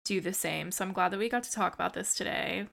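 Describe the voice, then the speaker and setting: A podcast co-host with a lowish, creaky, fairly bright voice chats fast and casually on a horror podcast. She's enthusiastic and swears now and then.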